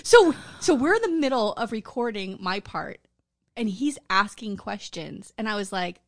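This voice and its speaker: A woman co-hosting a podcast, telling stories in a lively, profane, casual chat. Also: mid-range voice, normal speed, no room sound, clean studio sound. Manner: animated, profane storytelling. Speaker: podcast co-host.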